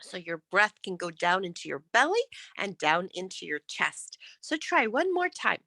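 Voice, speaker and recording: A woman coaching speakers in an online workshop, encouraging them and demonstrating how to end sentences with a falling pitch. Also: sing-song, normal speed, bright, forceful tone, no echo.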